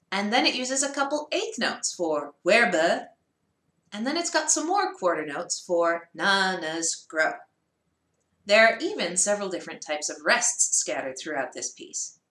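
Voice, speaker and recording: A woman's voice: mid-range voice, bright, forceful tone, echoey room. A woman teaching a music lesson for children, encouraging and chanting the song rhythmically.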